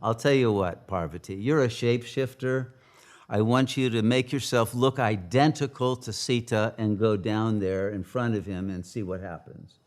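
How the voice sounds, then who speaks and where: A man voicing a calm, knowing male god who reassures his wife. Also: lowish voice, moderate pace, natural voice. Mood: confident. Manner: reassuring, matter-of-fact.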